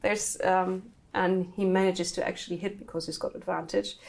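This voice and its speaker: A woman narrating a tabletop game as game master, animated and laughing often, sometimes restarting words. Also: fairly low pitch, moderate pace, creaky, background noise.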